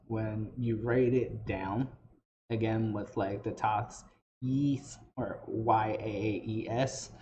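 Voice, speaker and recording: A man's voice: on the low side, dark tone. A man hosting a casual tutorial, explaining loosely in a conversational way how to build character voices for tabletop games. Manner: explanatory, loose phrasing with restarts. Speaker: tabletop game master teaching voices. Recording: dull lo-fi audio with faint noise.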